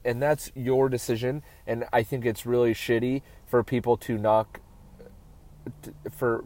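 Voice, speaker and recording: A man's voice: medium pitch, a little mellow. A man hosting a podcast, giving casual business advice in a chatty way. He keeps checking in with "right?" and often restarts his sentences. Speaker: podcast host and auto detailer.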